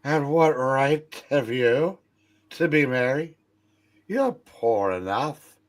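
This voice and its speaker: A man voicing a stingy, grumpy old miser as he reads a comic book aloud, in a gruff, scolding manner. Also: medium pitch, animated, takes it slowly, pitched above the performer's own voice.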